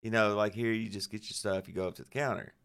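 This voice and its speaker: Gravelly low-voiced man telling stories. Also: steady tone, fast talker, a bit bright. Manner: rambling storyteller, swears casually. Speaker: guest musician. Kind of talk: casual podcast chat.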